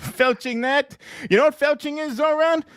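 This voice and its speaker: A man's voice: very high-pitched, normal speed, a bit bright, no room sound, clean studio sound, pitched above the performer's own voice. A man doing an impression of a boastful older president, rambling through folksy anecdotes.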